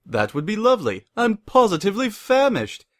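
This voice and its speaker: A man's voice: sits high, wildly swooping pitch, moderate pace, fairly bright tone, pitched above the performer's own voice, heavily acted. A man voicing a refined grown-up mare who talks in a posh, prim, dramatic way. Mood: playful.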